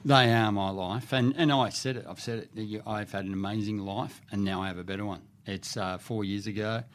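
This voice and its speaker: A middle-aged man talking as a podcast guest in a studio, telling stories in a lively way with frequent restarts. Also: lowish voice, fairly quick. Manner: animated storyteller with frequent restarts. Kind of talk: casual storytelling in conversation. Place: radio studio.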